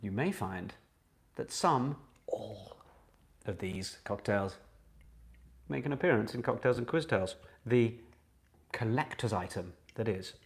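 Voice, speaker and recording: A man's voice: on the low side, expressive, a little slow, long pauses. A man hosting a live online pub quiz, chatting with viewers and reading out each question twice. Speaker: quiz host.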